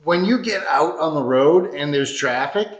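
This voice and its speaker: A man's voice: a little high, normal speed, echoey room. A man co-hosting a podcast, telling anecdotes in a casual chat and laughing as he goes. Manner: animated storyteller who laughs through his anecdotes. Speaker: podcast co-host.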